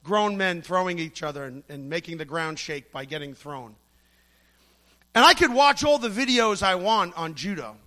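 A man's voice: high-pitched, lively intonation, normal speed, sharp tone. A middle-aged man preaching a sermon, emphatic and storytelling, acting out the voices he quotes.

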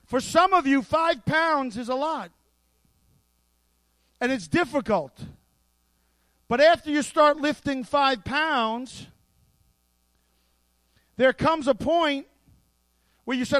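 A man preaching a sermon, animated and playful, with asides worked into his points. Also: very high-pitched, unhurried, long pauses, no room sound. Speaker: pastor.

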